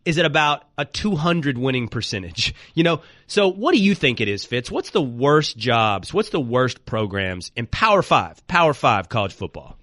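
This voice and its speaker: A man hosting a sports talk radio show, animated and joking with quick asides. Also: mid-range voice, no room sound, clean studio sound.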